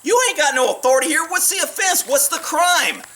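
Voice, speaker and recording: A middle-aged man, a police officer, telling stories in a blunt, profane, animated way. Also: very high voice, fairly quick, far from the mic, a little hiss or hum. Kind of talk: casual storytelling monologue.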